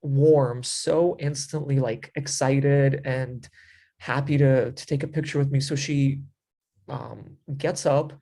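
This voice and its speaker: A man's voice: medium pitch, steady tone, slow pace, vocal fry, mellow. A man telling a story in a casual chat. He rambles with many fillers and acts out his own past remarks. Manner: rambling, filler-heavy with frequent 'like' and 'you know'. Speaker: interview guest telling a story.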